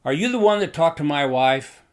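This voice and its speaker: A man voicing a friendly village husband who speaks loudly and emphatically. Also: mid-range voice, lively intonation, moderate pace, husky. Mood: shouting. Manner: loud, emphatic.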